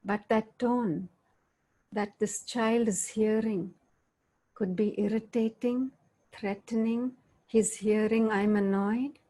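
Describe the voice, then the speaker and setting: A middle-aged woman guides a group through an online talk. Her voice sits fairly high and she speaks slowly. She keeps asking her listeners questions and acts out tones of voice to show her point. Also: steady tone, warm tone. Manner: questions the audience often, demonstrates tones of voice. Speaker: workshop facilitator.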